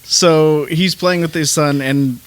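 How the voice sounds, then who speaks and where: A man, a podcast host, telling a story in relaxed casual chat, laid-back and swearing freely. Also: on the high side, slow, clear, resonant tone.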